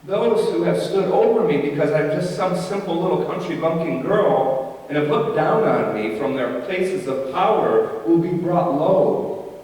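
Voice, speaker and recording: A man's voice: fairly high pitch, darkish tone, voice pushed up. A pastor voicing a bold young village woman. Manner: proud, defiant declaration. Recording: echoey church hall from far off.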